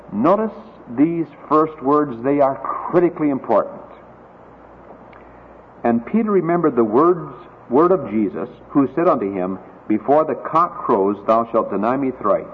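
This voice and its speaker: A man preaching a sermon, dramatic, acting out quoted oaths slowly and forcefully. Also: mid-range voice, a little hiss or hum. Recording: tinny phone-like sound, long hall reverb.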